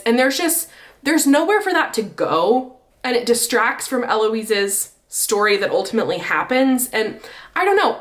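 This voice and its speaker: A woman giving chatty, opinionated commentary in a casual vlog, her pitch swinging up when she makes a point. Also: fairly bright tone. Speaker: book and TV vlogger.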